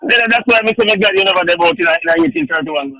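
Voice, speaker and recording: A man with a Jamaican accent hosting a sports talk show, excitable and stammering, repeating himself and cutting in often. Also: high voice, fast talker, rough recording. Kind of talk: heated studio debate.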